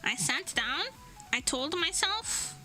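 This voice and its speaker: A high, very bright woman's voice that chats slowly and unhurriedly as she draws on stream. She keeps giggling between phrases, and faint music plays underneath. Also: big pitch swings, poor audio. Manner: giggly, laughs between almost every phrase. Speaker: streamer and illustrator. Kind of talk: casual chat while drawing on stream.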